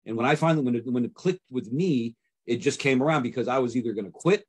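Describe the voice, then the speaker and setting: A man with a husky voice and a middle pitch coaching listeners on sales calls. He talks casually and often plays out both sides of a phone conversation. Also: fast talker. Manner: conversational, acts out sales calls with repeated fillers. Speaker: real estate sales coach. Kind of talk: instructional talk.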